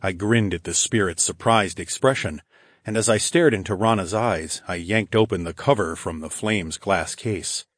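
A male audiobook narrator with a low, husky voice tells a first-person fantasy story. His delivery is dry and cocky, and the recording is close with no room echo. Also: normal speed.

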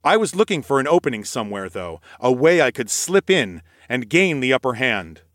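Expressive male audiobook narrator. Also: mid-range voice, normal speed, no echo, clean studio sound. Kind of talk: scripted first-person narration.

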